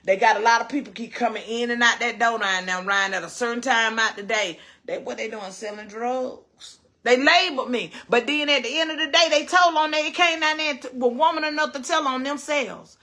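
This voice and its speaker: A middle-aged woman, hosting a casual cooking livestream, firing off animated rhetorical questions. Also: fairly high pitch, a little fast, few pauses. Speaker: cooking show host.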